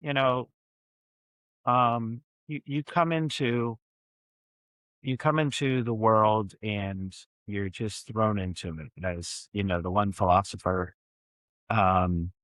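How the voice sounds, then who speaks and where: Podcast guest, male academic, lowish voice, measured explanatory delivery, close dry mic. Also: steady tone, a bit bright, no echo, low-quality recording. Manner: measured, explanatory, with frequent restarts. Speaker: communication scholar, podcast guest. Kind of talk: reflective conversational explanation.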